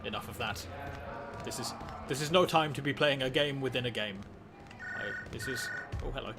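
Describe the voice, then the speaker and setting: Guy doing let's play commentary, deadpan and wry, trips over his words a lot, mid pitch, game noise audible underneath. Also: normal speed. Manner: dry, wry, stammering with many restarts. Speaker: gaming video host.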